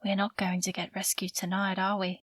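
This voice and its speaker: A woman's voice: medium pitch, monotone, moderate pace, a bit bright, no echo, lightly acted. A woman narrator voicing an exhausted young woman lost in the wilderness in an audiobook. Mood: weary. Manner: weary, subdued.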